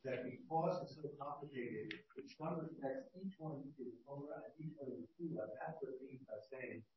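A man in a Talmud class offers a halting comment, searching for words. He is far from the mic in a roomy space, and the sound is muffled. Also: on the high side, slight background noise. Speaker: student in the class. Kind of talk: class discussion.

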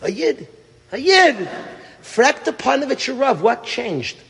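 A middle-aged man, a rabbi who teaches at a yeshiva, telling a story in a sermon, emphatic and full of rhetorical questions, swinging from loud to hushed. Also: very high-pitched, very animated, measured pace, vocal fry, slightly rough, long reverb tail.

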